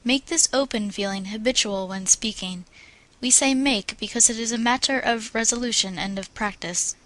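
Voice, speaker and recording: A woman's voice: fairly high pitch, normal speed, fairly bright tone, no echo, poor audio. Woman reading a speaking guide aloud. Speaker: audiobook narrator. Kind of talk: scripted audiobook narration of a speaking guide.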